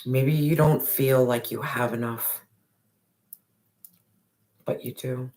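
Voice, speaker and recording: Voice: mid-range voice, fairly even intonation, slow, a little mellow. A tarot reader giving a spiritual reading straight to the viewer, emphatic and repetitive, with casual slang and the odd swear.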